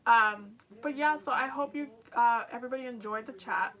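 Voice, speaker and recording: A woman's voice: a little high, normal speed, a bit bright. A young woman with a New York accent, hosting a livestream and chatting casually with viewers, rambling with lots of fillers. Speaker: livestream host.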